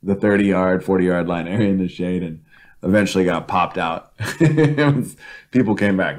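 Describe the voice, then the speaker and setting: A man with a very low voice chats casually with a friend on a podcast. He tells long, meandering stories and often breaks into laughter. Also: moderate pace. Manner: rambling storyteller, laughs often. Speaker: podcast co-host. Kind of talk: casual chat. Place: indoor room, in person.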